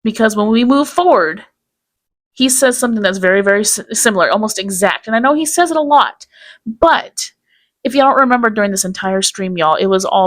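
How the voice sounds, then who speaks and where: A woman's voice: mid-range voice, lively intonation, a little fast, dry recording, studio quality. A woman giving casual commentary in a blunt, sarcastic way. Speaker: commentary YouTuber.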